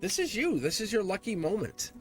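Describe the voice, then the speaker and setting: A man giving an emotional tarot reading to viewers, talking in an excitable, emphatic way, often laughing and repeating himself. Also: sits high, fairly quick. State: emotional, near tears. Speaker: tarot reader. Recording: soft music playing behind.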